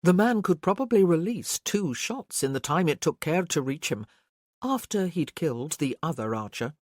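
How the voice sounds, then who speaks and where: A narrator reading a historical romance audiobook in a steady storytelling voice. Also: mid-range voice, moderate pace, dry recording, studio quality.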